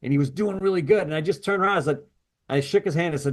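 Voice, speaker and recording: A man's voice: a little high, very fast. A man co-hosting a podcast, chatting casually and telling stories with quoted asides. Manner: rambling, storytelling with quoted asides. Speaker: podcast co-host. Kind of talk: casual chat.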